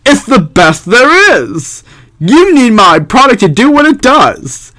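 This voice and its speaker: A man voicing a pushy male traveling salesman in a video game, delivering a hammy sales pitch. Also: sing-song, slow, sharp tone, no echo, heavily acted, rough recording. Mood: boastful.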